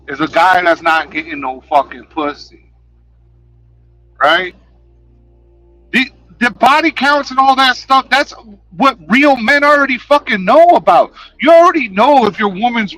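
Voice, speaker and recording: Man, livestreamer, profane confrontational rant, lively swooping pitch, dry close sound, faint background music. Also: no room sound, rough recording. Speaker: livestreamer answering chat.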